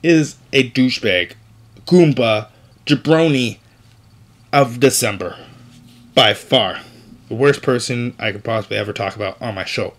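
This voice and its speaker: A man's voice: medium pitch, a little slow, long pauses. A man hosting an opinionated news commentary show, delivering stories with indignant, sarcastic asides.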